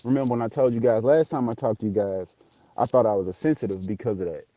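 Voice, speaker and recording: A man tells a story with animated, profane energy and acts out each voice. His tone is mellow and warm, and the recording is dry and close. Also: fairly low pitch, fast talker, dry recording. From Memphis area, US South. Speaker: guest telling a ghost story. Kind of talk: casual storytelling.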